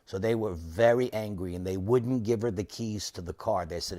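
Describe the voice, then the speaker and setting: A man in his sixties giving a lecture as a dramatic story, his voice swinging from loud to soft. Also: on the low side, moderate pace, few pauses. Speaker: devotee lecturer.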